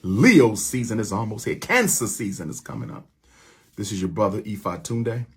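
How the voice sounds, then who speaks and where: A man's voice: lowish voice, sing-song, normal speed, breathy edge. A man delivering an impassioned, preachy rallying address to his followers, repeating his lines for emphasis. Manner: preachy, repetitive call-and-response phrasing.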